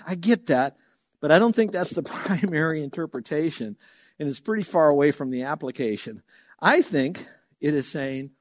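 A male pastor preaching a sermon in an animated way, acting out quoted voices and laughing now and then. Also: a little high, normal speed, no echo, studio quality.

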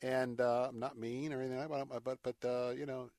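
He talks fast in a medium-pitched, darkish, level voice, hosting a radio talk show with indignant, emphatic commentary, sarcastic folksy asides, and words repeated for effect. The sound is studio quality with no echo.

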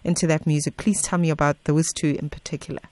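A woman's voice: low-pitched, level tone, quick pace, darkish tone, no echo. A woman hosting a radio interview, effusive and smiling as she talks. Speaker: radio host.

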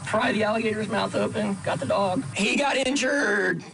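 A man's voice: high voice, moderate pace, creaky, background noise. A man giving a clipped, matter-of-fact account of an incident in a news clip. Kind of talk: factual account.

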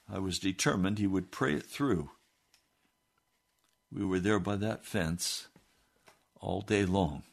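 A man's voice: lowish voice, husky. A man reading a first-person story aloud in a plain, earnest way. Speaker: narrator.

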